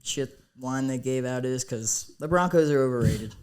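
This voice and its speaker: A man's voice: mid-range voice, a little slow, darkish tone, smooth. A man co-hosting a casual sports podcast, brash and swearing freely as he hypes his picks. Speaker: podcast co-host.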